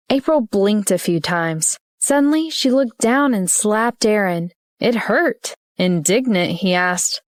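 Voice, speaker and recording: A woman narrating an audiobook in an even, steady reading voice. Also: lowish voice, a little slow, hardly any pauses, no echo, studio quality. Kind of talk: scripted narration.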